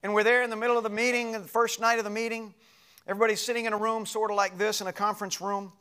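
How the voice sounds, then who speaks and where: A middle-aged male pastor telling a personal story in a sermon, animated and moving between loud passages and hushed ones. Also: high-pitched, racing, clear, resonant tone.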